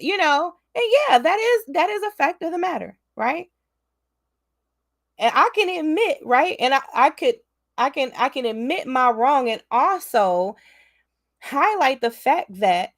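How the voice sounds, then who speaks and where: Animated woman with a high, lively voice. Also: no room sound, clean studio sound. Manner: animated, laughs often, talks straight to her audience. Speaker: vlogger. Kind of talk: casual storytelling to viewers.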